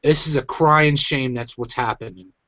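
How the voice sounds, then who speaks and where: A man's voice: mid-range voice, moderate pace, bright, forceful tone, no echo, lo-fi sound. A man hosting his own online show, venting in an agitated, emphatic rant. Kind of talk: angry ranting commentary.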